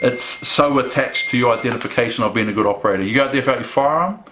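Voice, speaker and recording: A middle-aged New man talks frankly through audience questions, slipping into short acted bits of dialogue. His voice sits at an everyday pitch, and the room carries a clear echo around it. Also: racing, background noise. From New Zealand. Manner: frank, conversational, acts out quoted dialogue. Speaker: speaker answering audience questions. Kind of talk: Q and A talk at a summit. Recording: roomy echo.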